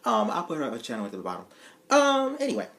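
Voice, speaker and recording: A man telling a personal story to his viewers in a casual, profane, animated way, acting out the voices of the people in it and turning to his audience with asides. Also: medium pitch, quick pace.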